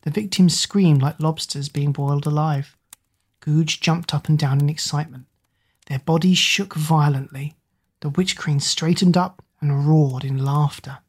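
Audiobook narrator, woman, low and husky, measured. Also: fairly even intonation, darkish tone. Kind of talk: storybook narration.

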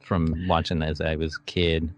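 A man's voice: rumbling low, little pitch movement, moderate pace, no room sound. A man co-hosting a casual podcast while watching a movie, laughing often and joking around. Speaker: podcast co-host.

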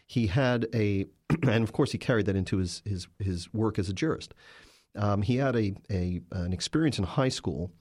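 A man's voice: fairly low pitch, normal speed, a little mellow. A man, a journalist and author, answering interview questions with emphatic, storytelling narration.

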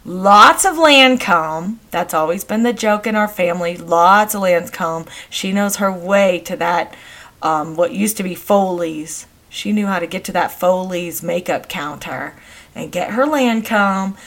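A middle-aged woman hosting a podcast, telling family stories in a chatty, meandering way with frequent pauses and restarts. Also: lowish voice, a bit bright. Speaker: podcast host. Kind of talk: casual storytelling monologue.

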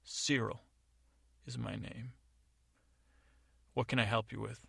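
A man's voice: medium pitch, steady tone, slow pace, vocal fry, fairly bright tone, breathy edge, no room sound, clean studio sound, exaggerated voice. A man voicing a pompous, brusque new captain of the guard, near his own voice. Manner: brusque, dismissive.

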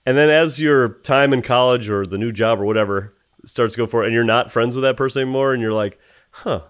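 A man's voice: mid-range voice, brisk. A man co-hosting a podcast in joking casual chat, often acting out other people's voices. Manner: joking, playful, acts out voices. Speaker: podcast co-host.

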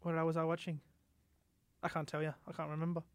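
A man's voice: a little high, completely flat delivery, fast talker, no echo. A man hosting a casual podcast who laughs often and swears freely. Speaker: podcast host. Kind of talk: casual chat.

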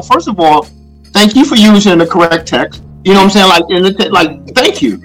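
A man telling a story about his daughter in quick, excitable casual chat. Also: high-pitched, faint music behind, poor audio. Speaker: podcast co-host, father.

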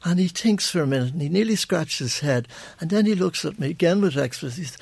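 A man's voice: a little high, animated, fast talker, gravelly, few pauses, darkish tone, husky, no echo. An older man with an Irish accent, a guest on a radio show, telling rambling anecdotes full of restarts. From Ireland. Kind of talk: radio interview.

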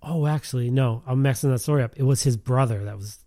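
A man's voice: mid-range voice, fast talker, dark tone, dry recording, studio quality. A man telling a story in casual chat, rambling with lots of fillers and laughing as he goes.

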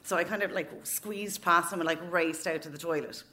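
A woman's voice: on the low side, a little fast, pushed and bright. A woman in her thirties with an Irish accent, telling a funny story at a live open mic night, frank and swearing freely. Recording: noisy live venue recording.

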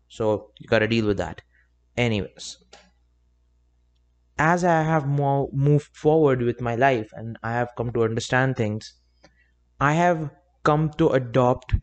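A man's voice: medium pitch, darkish tone. Give me a young man hosting a chatty solo podcast, rambling and poking fun at himself. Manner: rambling, self-joking, chatty asides. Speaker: podcast host. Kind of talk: casual solo podcast monologue.

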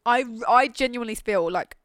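A woman hosting a podcast in casual, animated, jokey chat. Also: on the high side, moderate pace, no echo. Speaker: podcast host.

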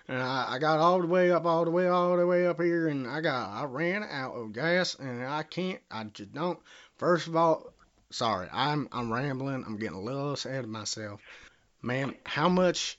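A man's voice: mid-range voice, lively intonation, normal speed, a bit bright. A man with a Southern US accent making a prank phone call, rambling, bumbling and cursing as he talks. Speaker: prank caller.

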